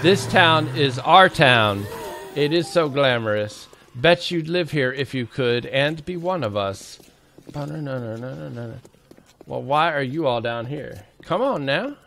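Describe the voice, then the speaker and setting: A man with a mid-range, fairly bright voice and lively intonation speaks a little slowly, barely pausing, over a slight hiss or hum. He's a game streamer giving casual, jokey commentary on a survival game while he chats with viewers and the zombies.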